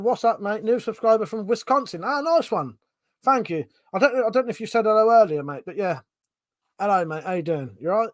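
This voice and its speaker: A man's voice: on the high side, dry recording, clean studio sound. Swearing British man chatting on stream. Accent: British English. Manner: swears freely, rambling, banter with chat. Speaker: livestream host. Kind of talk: casual drunk livestream chat reading comments.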